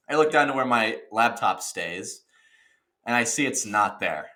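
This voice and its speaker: A young man in his twenties chats on a podcast, retelling his day in an excitable, exaggerated way. His voice is bright and clear, and his pitch sits in the middle of the male range. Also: unhurried. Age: 20s. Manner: excitable, exaggerated retelling with laughter and mild cursing. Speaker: podcast co-host. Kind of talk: casual chat, animated storytelling.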